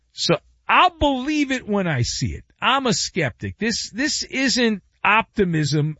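A man hosts a sports talk show, riffing in a sarcastic, wisecracking monologue. His voice sits fairly high and swoops up and down with lively pitch. The sound is dry and a little dull, like a lo-fi broadcast feed. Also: no echo. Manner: sarcastic, wisecracking, animated delivery. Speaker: sports radio host.

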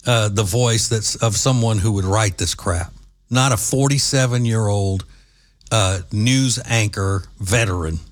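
A man's voice: fairly low pitch, unhurried. A man hosting an opinion commentary show, sarcastic and scornful in his asides. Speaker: political commentator.

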